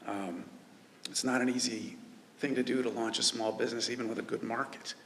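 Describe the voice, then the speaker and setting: A man who runs a news website speaking at a memorial service, halting with many filler pauses. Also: mid-range voice, fairly even intonation, fairly bright tone, slight background noise. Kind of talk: memorial tribute speech. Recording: reverberant hall with faint ambience.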